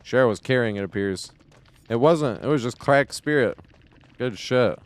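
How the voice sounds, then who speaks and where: A man chats on a live game stream in a loose, rambling way. He swears casually and laughs easily. His voice sits at an ordinary middle pitch. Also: measured pace, dry recording. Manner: rambling, profane, chuckles often. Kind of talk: casual live-stream chat while gaming.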